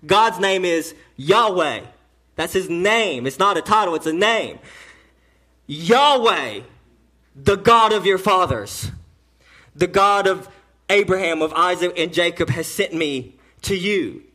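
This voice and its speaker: A pastor preaches an emphatic church sermon, swinging between hushed and loud phrases and often restarting a line as he builds his point. His voice is high and animated, and he takes it slowly.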